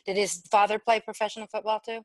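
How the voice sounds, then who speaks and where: Woman sitter, mid pitch, chatty and joking, dry. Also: level tone, no echo, low-quality recording. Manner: chatty, joking, quick asides. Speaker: sitter in a reading. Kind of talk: casual chat.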